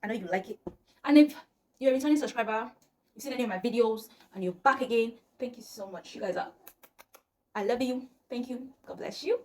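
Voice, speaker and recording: A woman's voice: a little high, a little fast, darkish tone. A young woman, telling a personal story to her viewers in a dramatic, exclamatory way. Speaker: vlogger. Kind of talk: storytime vlog.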